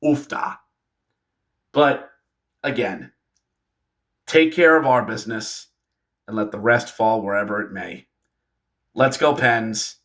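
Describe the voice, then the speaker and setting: A man hosting a casual hockey recap video, animated and joking, talking straight to fellow fans. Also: on the low side, slow pace, long pauses. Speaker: hockey fan video host. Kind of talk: casual game recap commentary.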